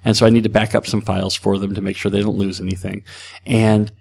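A man's voice: on the low side, flat delivery, quick pace, vocal fry, a little mellow, slight background noise. A man hosting a solo podcast, chatting casually in a rambling way with frequent restarts. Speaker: podcast host.

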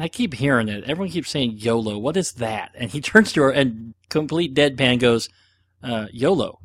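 A middle-aged man hosting a podcast, answering listener questions in a rambling, self-deprecating casual chat with plenty of fillers. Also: medium pitch.

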